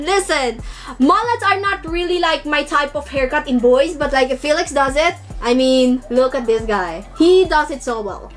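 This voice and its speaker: A young woman, gushing with excitement as she chats through an unboxing vlog. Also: high voice, normal speed, music in the background. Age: young adult. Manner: gushing, squealing fangirl excitement. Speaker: vlogger.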